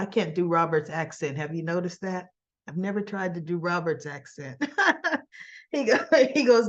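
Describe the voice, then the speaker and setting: A woman casually retelling soap opera scenes, acting out both sides of the dialogue and often clearing her throat. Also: lowish voice, animated, brisk, dull audio. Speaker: soap opera recap vlogger.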